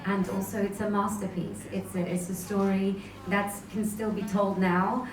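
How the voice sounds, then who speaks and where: A woman's voice: mid-range voice, flat delivery, normal speed, a crowd in the background. A woman interviewee talking enthusiastically and sometimes searching for words. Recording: roomy, distant, with music.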